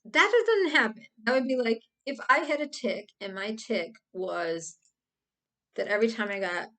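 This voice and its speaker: A woman's voice: a little high, normal speed, bright, forceful tone. A woman hosting her own video, talking through a topic in a loose, rambling way and acting out silly examples. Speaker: video host. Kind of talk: casual explainer monologue.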